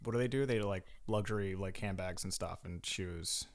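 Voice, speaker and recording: A man's voice: low voice, moderate pace. A man co-hosting a podcast in casual chat, rambling and laughing easily as he talks. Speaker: podcast co-host.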